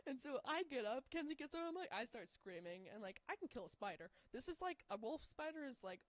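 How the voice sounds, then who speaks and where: A woman's voice: sits high, very animated, fairly quick, dry recording. A young woman telling a story casually, rambling and filling her talk with "like". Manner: rambling, heavy use of "like", laughs through the story.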